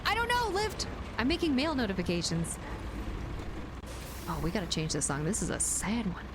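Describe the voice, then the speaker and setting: Lively, giggly woman streamer. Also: mid-range voice, normal speed, background noise. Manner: playful, giggly, talks to chat while playing. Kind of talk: casual live-stream gaming chat.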